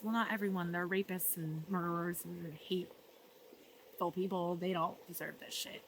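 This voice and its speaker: A woman talking earnestly in a personal vlog, emotional and reflective, often dropping softly and laughing between thoughts. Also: lowish voice, steady tone, normal speed, a little hiss or hum. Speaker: vlogger. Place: art residency.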